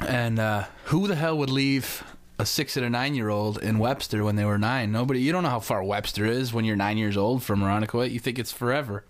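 A man's voice: mid-range voice, fairly quick, hardly any pauses. A man, telling a rambling, profane story as a podcast co-host. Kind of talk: casual chat.

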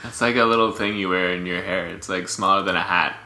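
A man co-hosting a comedy podcast, playful and quick to laugh. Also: low voice, steady tone, sharp tone. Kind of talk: improvised comedy banter. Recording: roomy echo.

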